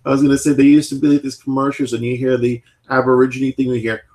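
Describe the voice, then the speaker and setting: A man in his thirties chatting casually as a podcast host, rambling and filling pauses with "like" and "you know". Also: medium pitch, flat delivery, a little mellow. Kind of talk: casual chat.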